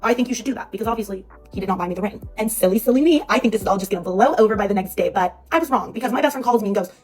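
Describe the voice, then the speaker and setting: Fast-talking breathy woman telling a story. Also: medium pitch, faint music behind. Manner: rapid, animated storytelling. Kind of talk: storytime vlog.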